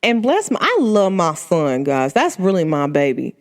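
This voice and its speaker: A woman hosting her own show, telling a story in an animated, emphatic way and punctuating it with sharp interjections. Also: on the low side, normal speed. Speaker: podcast host. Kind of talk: storytelling monologue.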